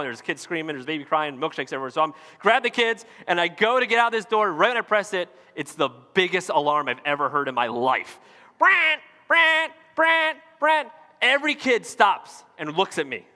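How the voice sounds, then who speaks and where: A bright, fairly high-voiced man in his thirties preaching a casual, story-driven sermon. He talks like he's chatting with friends and pokes fun at himself. His voice rings out with a long reverb tail from a big church auditorium. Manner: conversational and self-mocking, acting out his kids' voices. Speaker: pastor.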